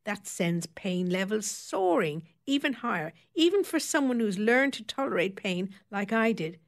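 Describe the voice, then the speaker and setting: A woman's voice: mid-range voice, lively intonation, normal speed, lightly acted. A woman voicing a tart fifty-something beautician. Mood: tartly polite. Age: 50s.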